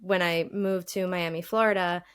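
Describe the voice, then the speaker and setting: A woman's voice: on the low side, moderate pace, smooth. A woman from Long Island, a former speech pathologist, telling stories in casual chat and laughing often. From Long Island, New York. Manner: lively storyteller, laughs often.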